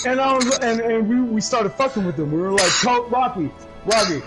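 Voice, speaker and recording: A male gaming streamer telling a story in casual chat, loud and profane, bursting into laughter, and high while he talks. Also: fairly quick, loud music behind the voice, poor audio. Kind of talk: casual storytelling over gameplay.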